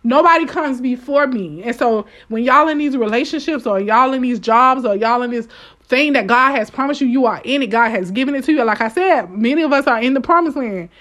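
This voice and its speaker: A woman with a fairly high voice delivers an informal devotional message straight to her listeners. She presses her points with emphasis and says them more than once, calling out to her audience. She moves between fervent bursts and soft, quiet asides. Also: fairly quick. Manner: emphatic and repetitive, addressing listeners directly. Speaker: devotional speaker.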